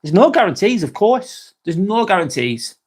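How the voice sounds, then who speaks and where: A man's voice: sits high, big pitch swings, normal speed, husky. Broad Lancashire man chatting live. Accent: Lancashire English. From Northwest England. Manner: chatty and swears freely. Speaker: live vlog host. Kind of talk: casual live-stream chat reading out comments.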